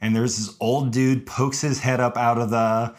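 A young man with a medium-pitched voice chats through a long story. He is lively and animated and pops up into high, sheepish tones when he quotes himself apologizing. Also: moderate pace. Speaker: podcast co-host recounting a hike. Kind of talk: casual storytelling chat.

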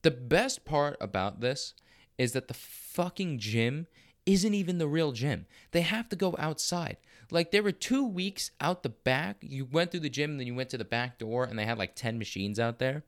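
A man's voice: a little high, expressive, moderate pace. A man in his twenties hosting a podcast, talking in a blunt, profane, rambling rant. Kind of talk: casual ranting monologue.

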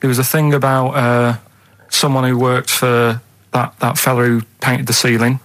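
Give me a plain-spoken man on a radio show with a mid-pitched voice. He halts and hesitates a lot, recorded close and dry in the studio. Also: flat delivery, normal speed, fairly bright tone, no echo. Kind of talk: casual studio banter.

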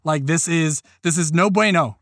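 A man co-hosting a casual podcast, talking in an exasperated, animated way with plenty of swearing. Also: on the high side, normal speed, no echo, studio quality. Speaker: podcast co-host.

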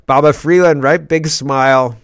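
A man's voice: on the high side, steady tone, moderate pace, clean tone, no room sound, studio quality. A man hosting a casual news commentary show, reading headlines and viewer comments aloud and adding wry asides. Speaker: political commentary host.

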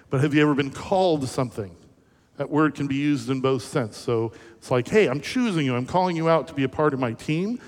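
Man preaching a lively sermon. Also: mid-range voice. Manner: animated, conversational storytelling with questions to the audience. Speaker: pastor. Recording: echoey hall reverb.

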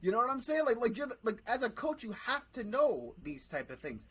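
A man co-hosting a casual sports podcast, worked up and ranting with loose swearing. His voice sits high and leaps around with animated swings in pitch. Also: a little fast, husky, low-quality recording. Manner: fired-up ranting; swears freely. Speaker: podcast co-host.

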